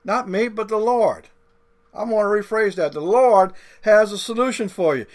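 A male pastor delivering a sermon, drawing out key words and repeating points, with folksy grammar. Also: high voice. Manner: deliberate, drawn-out emphasis with folksy grammar.

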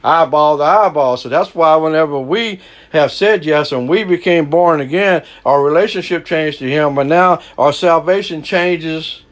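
A man preaching a sermon, folksy and lively, swinging from hushed lows to loud highs. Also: moderate pace.

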